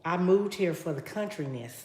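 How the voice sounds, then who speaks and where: A middle-aged woman hosts a livestream from her home kitchen, chatting casually with viewers while cooking, talking straight to them and reading out comments. Her voice is fairly low, expressive and darkish at a normal speed, in an echoey room.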